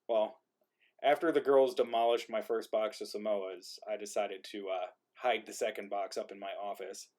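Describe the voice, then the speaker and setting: A man's voice: fairly low pitch, fairly even intonation, a little slow, a little mellow. Male writer-host, rambling and self-deprecating, chatting over a video call mic. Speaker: playwright and host of an online play reading. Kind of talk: casual chat on a video call.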